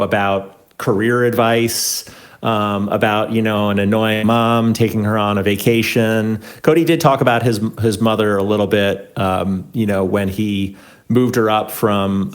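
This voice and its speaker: A man co-hosting a podcast, talking through news in a relaxed, conversational way with ums and uhs. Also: fairly low pitch, unhurried. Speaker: podcast co-host. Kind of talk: casual news chat.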